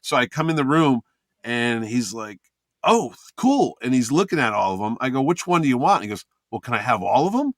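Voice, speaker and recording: Animated male storyteller, casual chat, dry close sound, mid pitch. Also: brisk, dry recording. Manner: animated anecdote teller, acts out quoted voices. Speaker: convention organizer telling a story.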